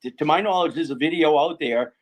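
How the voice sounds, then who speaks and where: A man's voice: on the high side, a little fast, rough recording. A man speaking as a guest in a casual podcast discussion, hesitant, with many ums and restarts.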